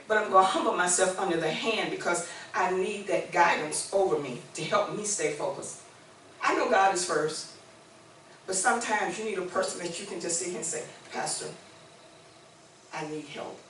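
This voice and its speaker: A woman in her sixties preaches a sermon with call-and-response, shifting between conversational talk and emphatic declarations. Her voice is fairly low, fairly quick and fairly bright, with a slight hiss or hum. The mic sits far off in an echoey church room.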